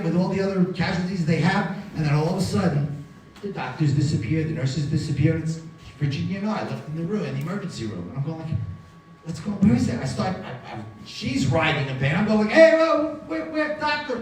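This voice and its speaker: High-voiced man telling a story in an echoey hall. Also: quick pace, slight background noise. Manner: animated, acts out dialogue in voices. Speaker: guest speaker. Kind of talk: live storytelling talk. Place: large synagogue hall. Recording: echoey hall, mic from far.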